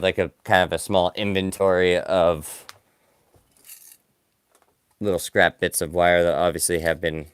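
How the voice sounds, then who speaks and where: Sculpting stop-motion clay figures on a live stream, this man chats casually in a deep, clear, resonant voice that's a bit bright. He wanders off on tangents, makes self-deprecating jokes, and keeps losing focus to the task in his hands.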